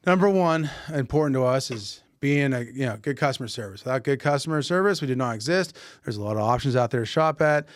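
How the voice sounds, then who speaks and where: A man's voice: medium pitch, no echo, studio quality. A man hosting a podcast, telling a story casually and acting out the dialogue, often restarting his sentences. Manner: animated anecdote-telling, acting out quoted dialogue with many restarts. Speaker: podcast host.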